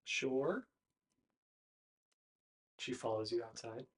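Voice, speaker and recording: A man of middle pitch narrates a tabletop game as its game master. He talks casually and loosely, trailing off and restarting his lines with plenty of filler sounds. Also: drawn-out words. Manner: casual, hesitant with many fillers.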